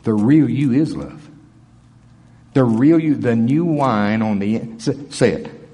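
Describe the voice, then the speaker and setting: Animated preacher man in an echoey hall. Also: medium pitch, slow. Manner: animated, swings from loud to soft. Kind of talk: sermon. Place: church service.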